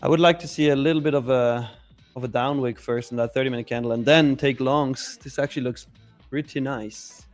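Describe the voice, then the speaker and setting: A man in his thirties co-hosting a live trading stream, relaxed and jokey as he talks to the chat. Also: mid-range voice, brisk, soft background music. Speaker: co-host of a live trading show. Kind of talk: casual live-stream banter.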